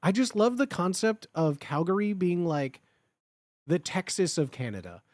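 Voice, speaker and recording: Excitable young man with a lively, high voice. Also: moderate pace, no room sound, studio quality. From Chicago area, United States. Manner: excitable, rambling, lots of filler words and swearing. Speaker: livestreamer. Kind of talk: casual chat with viewers.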